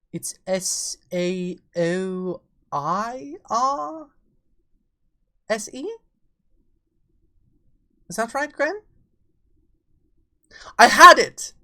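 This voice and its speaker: A woman with an English accent, talking at an ordinary mid pitch. She chats casually and playfully with her stream viewers and calls them darling. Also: a bit bright. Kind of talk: casual livestream chat.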